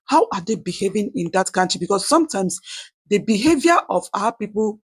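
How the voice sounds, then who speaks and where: Husky host giving dry commentary. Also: mid-range voice, sing-song, dry recording. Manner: measured, repeats tag questions. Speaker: channel host. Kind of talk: reaction commentary.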